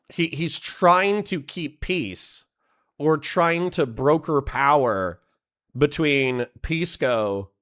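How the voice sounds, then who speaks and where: This streamer has a medium-pitched, fairly bright voice as he chats directly with his viewers in a casual reaction stream. Giggly and foul-mouthed, he swears freely and keeps dissolving into laughter.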